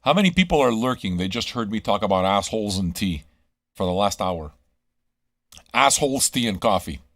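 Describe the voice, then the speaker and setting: A man's voice: lowish voice, lively intonation, moderate pace, a bit bright, dry recording, clean studio sound. A man hosting a live radio stream, ranting crudely at his listeners with constant swearing and rhetorical questions. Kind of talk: crude rambling monologue to chat.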